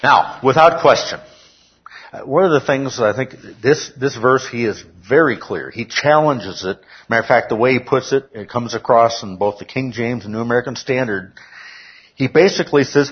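Husky male pastor preaching. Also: mid-range voice, expressive, moderate pace, highs cut off. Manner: peppers talk with "okay?", rises to emphatic shouts. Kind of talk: sermon. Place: church.

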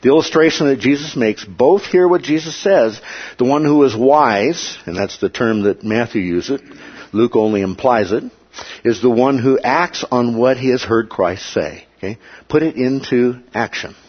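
A man teaching a Bible study lecture in a plain, measured way, often checking in with his listeners. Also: medium pitch, slightly rough. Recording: dull lo-fi recording.

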